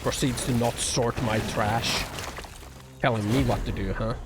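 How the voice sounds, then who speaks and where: His mid-range voice holds a steady tone at an unhurried pace. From his apartment, with music behind him, the man chats with viewers about their comments, rambling, sarcastic and profane, with many fillers.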